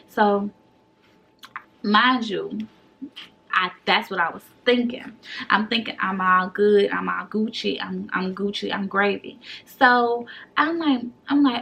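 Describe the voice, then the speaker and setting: A young woman vlogger telling a storytime in a casual, animated way, acting out each quote. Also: mid-range voice, a little fast, creaky. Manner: animated, acts out every quote.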